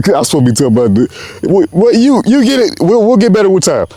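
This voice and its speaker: Passionate rambling young man, mellow voice. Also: high voice, big pitch swings, fast, dry recording. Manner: passionate, rambling, slangy, often says "bro". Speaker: podcast host. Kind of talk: unscripted heartfelt monologue.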